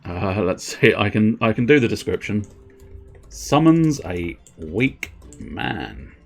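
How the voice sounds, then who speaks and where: A man's voice: on the low side, big pitch swings, takes it slowly, creaky, soft background music. A man streaming a game, chatting in a rambling, giggly way with lots of restarts. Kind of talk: casual gameplay commentary.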